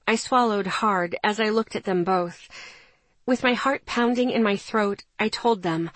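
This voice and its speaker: Female audiobook narrator, first person, tense and hushed, mid pitch, dry booth sound. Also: measured pace, no echo.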